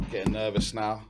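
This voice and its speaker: A young man hosting a live football watch-along, excitable and shouting encouragement. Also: fairly low pitch, background noise.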